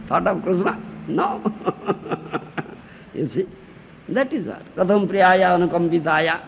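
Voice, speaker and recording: Heard on a dull, lo-fi lecture tape from 1992 with a faint hiss, a high-pitched, gravelly man preaches with lively energy. A non-native English speaker and spiritual teacher, he leads a scripture talk with Q&A, mimicking the attached householder and tossing out rhetorical questions in a teasing way.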